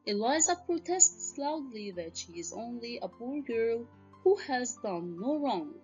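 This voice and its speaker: A woman teacher narrating a recorded literature lesson, speaking deliberately and addressing her students directly. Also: on the high side, sing-song, warm tone, dull audio, soft background music.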